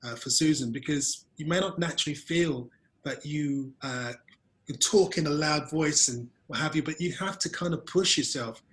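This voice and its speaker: A man's voice: a little high, normal speed, fairly bright tone, rough recording. A man hosting a video-call webinar interview, telling casual self-deprecating stories about his early days on camera. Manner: chatty, self-deprecating storyteller. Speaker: webinar host.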